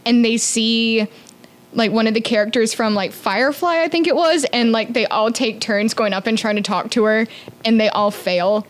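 A woman's voice: on the high side, normal speed. A woman co-hosting a casual beer podcast, telling stories chattily with many fillers. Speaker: podcast co-host presenting beers. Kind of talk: casual chat over beer.

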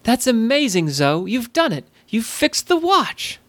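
A man's voice: high-pitched, big pitch swings, a little slow, no room sound, heavily acted. A man voicing a polite, clever young girl in a storybook tale, speaking courteously and coaxingly. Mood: gentle.

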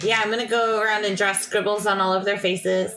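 A woman's voice: medium pitch, level tone, fairly quick, music in the background. Playful woman tabletop player. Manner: playful and eager. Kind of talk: tabletop game chat.

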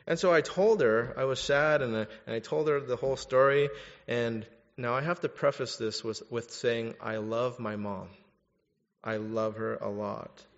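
A young adult man preaching a sermon, candid and animated as he tells personal stories, then direct as he exhorts his listeners. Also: medium pitch, moderate pace. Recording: dull recording in a reverberant hall.

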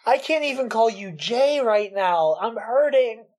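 A woman's voice: on the high side, expressive, measured pace, a little mellow. A woman hosting a casual podcast, theatrical and teasing, and she swears. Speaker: podcast host. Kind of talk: casual chat.

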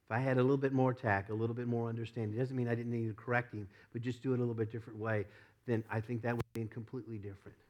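A middle-aged man preaching a sermon, telling a personal story with lots of laughs, often repeating himself and rising from quiet asides to loud emphatic peaks. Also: medium pitch, level tone, racing, lo-fi sound. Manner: repeats and restarts words. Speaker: pastor.

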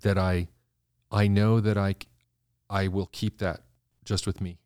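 A man, a designer guest in an interview, telling stories in an animated way and acting out the voices of people he quotes. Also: deep voice, a little slow, smooth, no echo, studio quality. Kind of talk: conversational interview storytelling.

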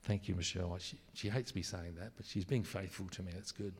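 A man preaching a sermon, earnest and emphatic at times, then soft and intimate. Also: low voice, fairly quick, breathy edge. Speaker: pastor. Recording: long hall reverb.

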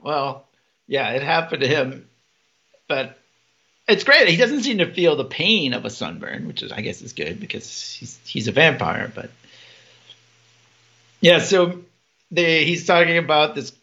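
A man with a bright, gravelly, somewhat high voice chats casually on a podcast, laughing as he recounts scenes. The recording sounds dull and lo-fi. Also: sing-song. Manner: laughing, retells scenes with quick put-on quotes. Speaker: podcast co-host. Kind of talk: casual episode recap chat.

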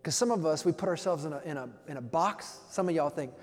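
Young male pastor, slangy, dynamic sermon delivery, slightly high voice, reverberant hall sound. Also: fast talker. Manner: energetic preaching, swings from soft to loud.

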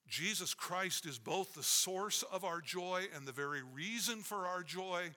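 A man's voice: fairly high pitch, pushed and bright. A man preaching a sermon as a pastor, emphatic and repetitive in his cadence. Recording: long reverb of a large hall.

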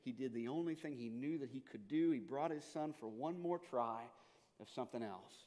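A man's voice: mid-range voice, moderate pace. Preaching man in a reverberant hall. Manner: storytelling, swings from hushed to loud and urgent. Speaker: pastor. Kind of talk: sermon.

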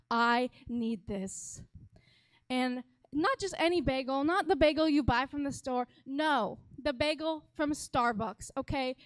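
Young woman with a high voice, telling a playful, exaggerated story to a congregation; lively and theatrical, close and dry sound. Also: dry recording. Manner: animated, dramatic, exaggerating for laughs. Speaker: worship leader giving a talk. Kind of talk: humorous storytelling talk to a congregation. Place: church stage.

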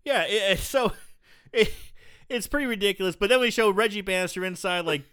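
A man's voice: sits high, a little fast, bright, forceful tone, clear, resonant tone. A man in casual chat, retelling a horror movie's scenes with swearing and jokes. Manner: swearing, joking, retells scenes in put-on voices. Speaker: podcast co-host.

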